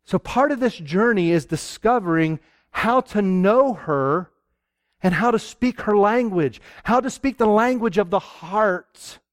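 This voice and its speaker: A man preaching a sermon to a live audience, lively and acting out little exchanges between husband and wife. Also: high-pitched, no room sound, studio quality.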